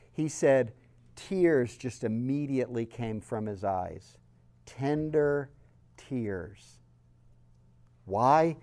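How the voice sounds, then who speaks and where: A man with a Southern accent giving a sermon-style teaching talk, telling stories earnestly and swinging between loud emphasis and soft, quiet lines. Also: mid-range voice. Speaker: speaker.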